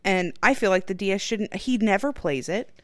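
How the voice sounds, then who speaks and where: A woman's voice: mid-range voice, animated, normal speed, no room sound, clean studio sound. A woman, a parent, talking frankly and matter-of-factly in casual chat.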